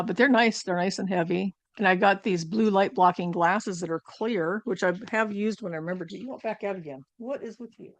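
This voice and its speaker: A woman's voice: fairly low pitch, no echo. A woman at home chatting through a casual product haul review for her channel, rambling with fillers and asides. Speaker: channel host.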